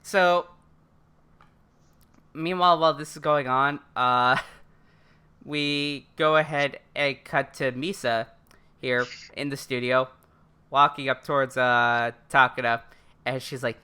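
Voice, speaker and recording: A woman co-hosting a podcast in casual recap chat, relaxed, laughing along and quoting scenes. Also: extremely low pitch, slow, long pauses, clean tone. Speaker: podcast co-host.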